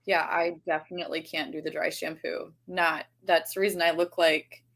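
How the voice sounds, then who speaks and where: A woman's voice: sits low, flat delivery, normal speed, fairly bright tone. A woman co-hosting a podcast over a video call, rambling cheerfully and laughing at herself. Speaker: podcast co-host. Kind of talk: casual chat.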